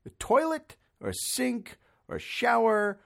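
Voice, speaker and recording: A man hosting a podcast alone at home, ranting comically in an exasperated, profane way with sudden loud bursts. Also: very high-pitched, animated, a little slow, gravelly. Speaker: podcast host. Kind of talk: solo comedic rant. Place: son's room in an apartment. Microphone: studio microphone.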